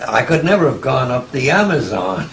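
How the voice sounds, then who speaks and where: A man's voice: medium pitch, big pitch swings, normal speed, fairly bright tone, slight background noise, poor audio. A man in his eighties, answering interview questions with reflective stories and chuckling asides. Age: 80s. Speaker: interviewee, writer. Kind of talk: conversational interview, storytelling.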